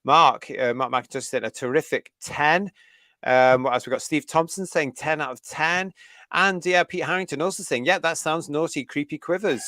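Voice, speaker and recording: A man's voice: a little high, normal speed, sharp tone, no echo, studio quality. A man from the UK hosting a fan review live stream, reading out viewer comments in a chatty, enthusiastic way and laughing often. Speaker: host of a fan review livestream.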